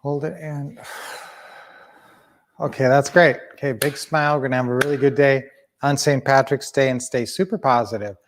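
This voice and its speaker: A man's voice: mid-range voice, fairly even intonation, moderate pace, background noise. A man coaching his viewers in a casual live stream, with an upbeat, rambling manner and frequent self-corrections. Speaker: sales coach and teacher.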